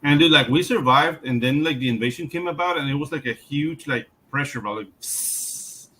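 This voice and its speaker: Bright-voiced man from Panama. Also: a little high, fairly quick, slight background noise, rough recording. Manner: laid-back, peppers talk with "like" and "dude". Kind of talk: casual chat.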